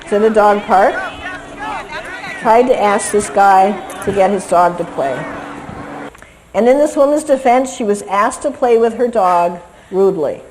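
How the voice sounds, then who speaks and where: A woman lecturing on dog behavior over video clips, lively and acting out what the dogs seem to think. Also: mid-range voice, a little slow, some chatter behind, slight background noise, low-quality recording. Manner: lively, acts out dogs' thoughts in quotes.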